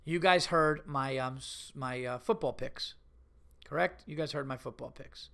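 A middle-aged man hosting his own podcast, telling stories in a loose, profane, animated way. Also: mid-range voice, unhurried, vocal fry. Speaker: podcast host. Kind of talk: casual solo podcast monologue.

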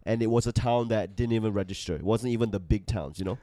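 Podcast host, young Australian man, low voice, stuffy nose, rambling and self-deprecating, dry close mic. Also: quick pace, mellow, no room sound. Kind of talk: casual chat.

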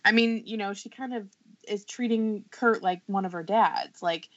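A woman's voice: medium pitch, moderate pace, no room sound. A woman co-hosting a casual podcast about a TV show, thoughtful and conversational. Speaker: podcast co-host. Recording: dull lo-fi sound.

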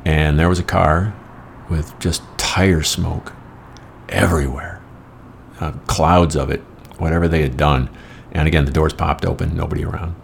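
Man, middle-aged, deep voice, faint background noise, casual rambling profane anecdotes. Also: flat delivery, normal speed, creaky. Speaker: storyteller.

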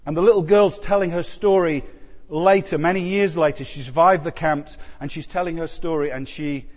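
A man preaching a sermon in a conversational way, repeating phrases for emphasis and swinging between loud, intense passages and quiet ones. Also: a little high, steady tone, normal speed. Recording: long reverb of a large hall.

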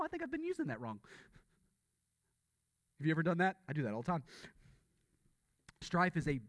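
A man's voice: mid-range voice, no echo. A man preaching a sermon in a conversational way, often repeating words and asking the congregation rhetorical questions. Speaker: pastor.

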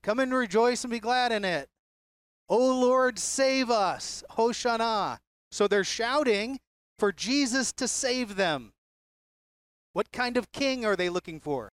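A Bible teacher talks a class through a passage in an easy, conversational way. The voice sits at a middle pitch and keeps pulling listeners in with rhetorical questions. The recording is dry, with little room sound. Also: no echo.

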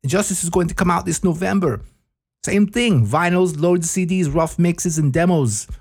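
A man voicing a chatty Danish male record producer with a put-on Danish accent and a rambling, halting delivery. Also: high voice, a little mellow, breathy edge, pitched above the performer's own voice.

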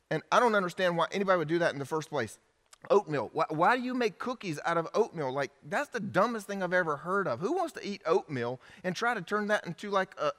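A man's voice: fairly high pitch, fairly bright tone, in a large hall. A man preaching a sermon as a pastor, conversational and playful, with stammered restarts and humorous asides.

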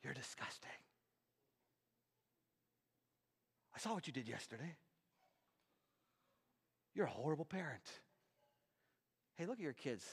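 Man doing a devil, male tempter, hushed taunting whisper, lower than his own voice, long hall echo. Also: expressive, moderate pace, vocal fry, heavily acted.

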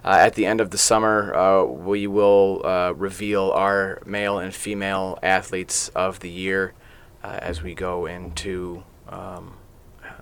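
Low-voiced rambling male podcast host. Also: flat delivery, unhurried, creaky, clean tone. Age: late 30s. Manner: rambling, with frequent filler sounds. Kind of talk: casual sports interview. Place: podcast studio.

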